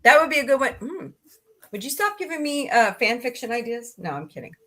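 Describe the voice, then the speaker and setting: A fairly high, sing-song, slightly bright voice moves at a brisk clip as a woman runs a casual livestream from home, cats close by. Easygoing and playful, she welcomes people in the chat, reads live comments, and laughs a lot.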